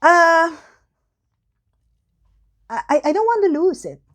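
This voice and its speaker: A woman's voice: extremely high pitch, sing-song, takes it slowly. A middle-aged woman from the Philippines with a Filipino accent, chatting candidly to her viewers and often trailing off as she searches for words. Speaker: vlogger. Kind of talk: casual chat.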